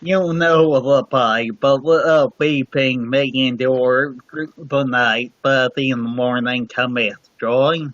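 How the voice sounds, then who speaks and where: A man's voice: medium pitch, steady tone, slow, hardly any pauses, fairly bright tone, dry recording. A man joining a casual livestream chat as a guest from home, easygoing and laid-back. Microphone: computer mic on a livestream. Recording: dull, dry lo-fi stream audio.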